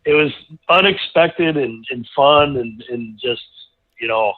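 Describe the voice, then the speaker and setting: A man's voice: mid-range voice, measured pace. A man guest in a casual interview, telling a long story with lots of restarts and asides. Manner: rambling, animated storyteller with many restarts. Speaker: racing driver guest. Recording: tinny phone-like line.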